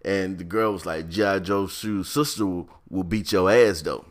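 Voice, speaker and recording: A man telling a childhood story in a casual, animated, slangy way, acting out the other people with high put-on voices. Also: moderate pace.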